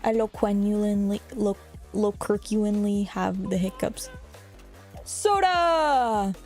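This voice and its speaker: An excitable young woman streaming, chatting casually with her audience at a middling pitch. She swears freely and teases chat, with faint music playing underneath. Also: moderate pace.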